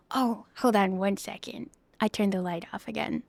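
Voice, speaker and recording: Speaking a little slowly in a creaky, medium-pitched voice, a young woman livestreams casual, giggly chat to her audience. The desk mic is close and the sound is dry, and her manner stays bubbly with lots of side remarks.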